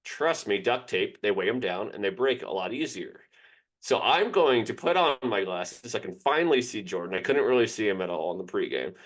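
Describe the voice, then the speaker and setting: A man's voice: fairly low pitch, lively intonation, normal speed. A young man co-hosting a sports podcast, telling a personal story in a rambling, candid way. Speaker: podcast co-host. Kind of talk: casual sports podcast chat.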